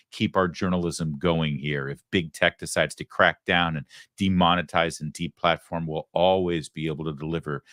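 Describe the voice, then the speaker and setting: A man's voice: extremely low pitch, fairly bright tone, dry recording, clean studio sound. A middle-aged man from Michigan hosting a political talk show, delivering an emphatic, sarcastic monologue. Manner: sarcastic, emphatic, quick asides.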